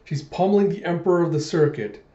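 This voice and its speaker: A man voicing an excited male sports arena announcer, calling the action in a raised, emphatic voice. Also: a little high, quick pace, echoey room, highs cut off, pitched above the performer's own voice, close to an everyday voice.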